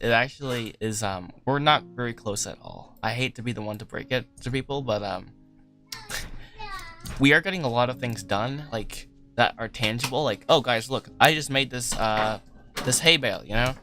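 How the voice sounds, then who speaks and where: A man hosting a casual livestream while he works, rambling and self-deprecating, laughing often. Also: medium pitch. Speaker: livestream host, animator. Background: soft lofi music.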